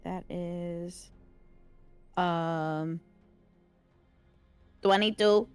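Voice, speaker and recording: Rambling, excitable woman player. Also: lowish voice, clear, resonant tone, faint music behind. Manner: rapid rambling asides, swears casually. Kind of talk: playing a live tabletop game.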